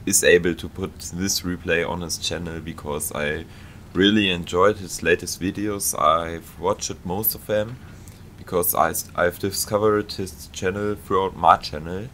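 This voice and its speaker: A man's voice: sits low, fairly even intonation, measured pace, a bit bright, a little hiss or hum. A man with a German accent commentating on a game replay, hesitant and searching for English words. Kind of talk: gameplay commentary.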